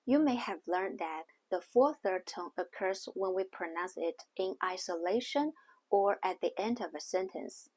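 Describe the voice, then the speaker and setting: A woman teaching a language lesson in a scripted way, speaking slowly and carefully and demonstrating sounds one at a time. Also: mid-range voice, lively intonation, darkish tone. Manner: slow, careful, demonstrating tones on single syllables.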